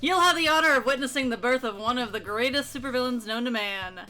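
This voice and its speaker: Brief: woman as over-the-top villain, bright, hammy, declamatory. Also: fairly high pitch, fast, soft background music. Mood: grandiose. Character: hammy male supervillain, grandiose and theatrical.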